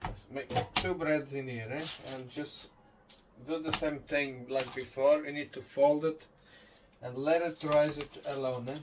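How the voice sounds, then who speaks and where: Slow, enthusiastic man. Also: fairly high pitch, steady tone, heavy background noise. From Madeira, Portugal. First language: Portuguese. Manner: enthusiastic, repeats tag question "eh?". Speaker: home cooking host. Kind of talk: casual cooking demonstration.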